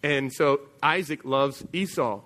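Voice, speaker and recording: A pastor preaching a sermon in a church, telling a story conversationally and dropping to a quiet voice for emphasis. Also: male voice, mid-range voice, slow, in a large hall.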